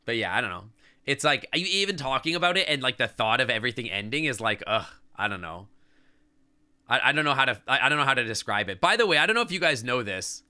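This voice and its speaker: Bright, rambling sentimental streamer guy. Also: mid-range voice, very animated, quick pace. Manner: rambling and sentimental, heavy on "like" and "I don't know"; reads and answers chat as he talks. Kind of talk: casual live-stream chat.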